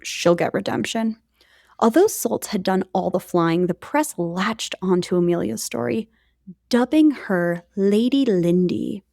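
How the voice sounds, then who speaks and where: Gravelly-voiced woman telling a history story. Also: medium pitch, lively intonation, unhurried, a little mellow, dry recording, clean studio sound. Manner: chatty, jokey asides to co-host. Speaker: podcast co-host. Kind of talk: casual storytelling podcast.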